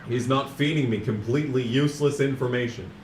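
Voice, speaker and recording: A man's voice: mid-range voice, a little fast, a little hiss or hum. Sarcastic streamer man, roomy and distant. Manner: sarcastic, ranting, mock auctioneer bits. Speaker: game streamer. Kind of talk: casual live-stream commentary.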